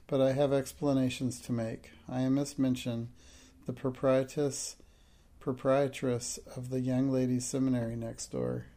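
A man's voice: mid-range voice, level tone, unhurried, creaky, mellow. A man voicing a stern, rigidly polite woman headmistress who speaks coldly and formally. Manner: cold, formal and indignant.

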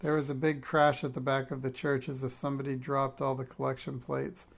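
Man, reading a story aloud, wry, gravelly voice. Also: mid-range voice, completely flat delivery, brisk.

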